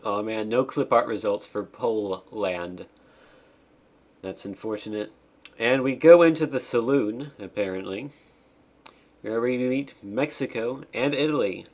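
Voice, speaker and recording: Reading the game's text out loud, this streamer keeps up a casual commentary peppered with dry, deadpan remarks. His voice is medium-pitched and his pace measured.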